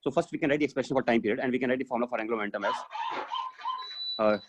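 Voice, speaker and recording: A man's voice: mid-range voice, racing, breathy edge. A man teaching physics in a live online class over a video call, explaining step by step and thinking aloud with many fillers.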